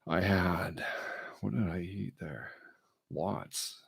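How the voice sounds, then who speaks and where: Middle-aged man, gravelly low voice, slow and rambling self-deprecating vlog monologue. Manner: meandering, self-deprecating, full of fillers. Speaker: vlogger. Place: indoors, alone.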